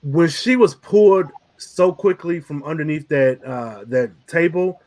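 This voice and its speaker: A man's voice: on the high side, measured pace, a little mellow. A man hosting a casual review podcast, talking animatedly, laughing often and swearing casually. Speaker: podcast host.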